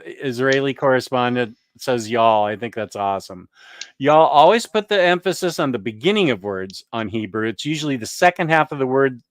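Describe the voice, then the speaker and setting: A man's voice: mid-range voice, animated, moderate pace, no room sound, studio quality. A man hosting a live comic book stream, chatting casually and joking while he browses new releases. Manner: chatty, jokey, thinking aloud while browsing. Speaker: comic book show host.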